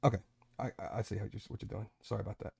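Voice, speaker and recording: A man's voice: fairly low pitch, little pitch movement, very fast, vocal fry, a little mellow. A man hosting a casual online panel discussion, talking in an emphatic, lecturing way. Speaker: host.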